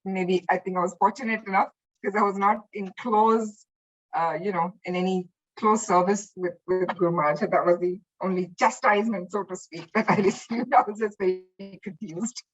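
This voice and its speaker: A woman guest chatting about memories of her teacher, animated and full of restarts. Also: mid-range voice, fairly quick, lo-fi sound. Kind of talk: casual spoken reminiscence.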